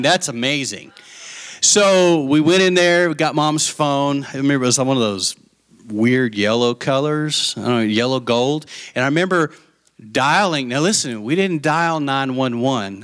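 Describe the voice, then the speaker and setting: A man's voice: mid-range voice, fairly bright tone. A man from Texas, preaching a sermon in a folksy, chatty style and telling a boyhood story with questions to his listeners.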